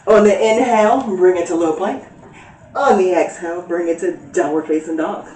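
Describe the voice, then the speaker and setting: Playful yoga teacher in an echoey room. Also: female voice, on the low side, moderate pace, darkish tone. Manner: playful and giggly, cueing each breath. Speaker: yoga instructor. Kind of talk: guided yoga class. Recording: roomy echo, voice from a distance.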